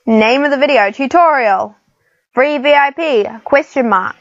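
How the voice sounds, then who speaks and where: Chatty kiwi-woman, high pitched, talking over her game, kinda muffled lo-fi recording. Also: unhurried, no echo. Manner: chatty, rambling, giggly. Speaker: gaming channel host. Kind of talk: casual screen-recorded gameplay commentary.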